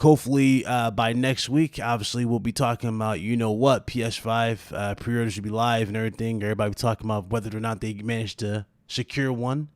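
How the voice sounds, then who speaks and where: A man's voice: medium pitch, fairly even intonation, a little fast, hardly any pauses, no room sound, studio quality. A man hosting a podcast in laid-back slangy banter over a remote call, laughing often. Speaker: podcast host. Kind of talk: casual chat.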